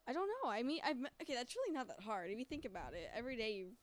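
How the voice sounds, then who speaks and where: A woman's voice: on the high side, sing-song, very fast. A teenage woman from California in casual chat, joking, giggly and rambling. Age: teens. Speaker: interviewee.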